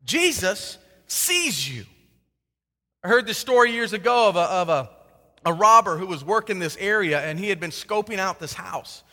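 A male pastor preaching a sermon, swinging between loud emphasis and hushed tones. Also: sits high, sing-song, moderate pace. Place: church sanctuary with a congregation. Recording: long hall reverb.

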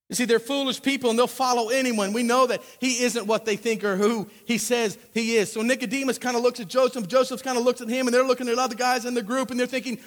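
A man with a strikingly high voice delivers a sermon, weaving joking anecdotes into scripture. His words ring out with a long reverb, as if recorded in a large church sanctuary. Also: fast talker, few pauses. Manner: animated, joking storyteller. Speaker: pastor. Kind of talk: sermon with storytelling.

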